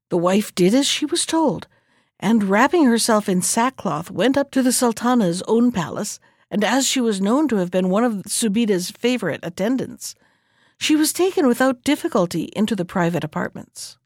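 A woman reading a fairy tale aloud in steady storybook narration. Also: mid-range voice, moderate pace, dry recording, studio quality. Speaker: reader.

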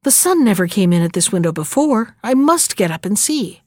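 A woman's voice: mid-range voice, big pitch swings, normal speed, darkish tone, no room sound, studio quality. A woman voicing a proud, scheming male sultan in a storybook reading, with a commanding, self-satisfied manner.

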